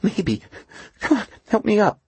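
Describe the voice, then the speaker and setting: A man voicing a terrified, gasping middle-aged engineer who talks in a shrill, frantic rush. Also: very animated, measured pace, a little mellow, slightly rough, no echo, full character voice.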